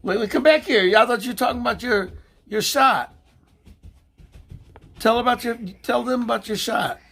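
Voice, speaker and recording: A man's voice: extremely high pitch, moderate pace, a bit bright. An older man hosting a casual vlog, teasing and joking in a folksy, playful way with his grandson. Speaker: vlog host. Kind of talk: casual live chat with grandson.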